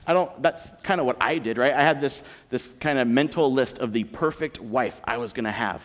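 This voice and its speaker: An American pastor delivers a sermon in a brisk, medium-pitched voice, keeping it conversational and full of jokes. He's in a church auditorium, and the recording carries the long reverb of the hall.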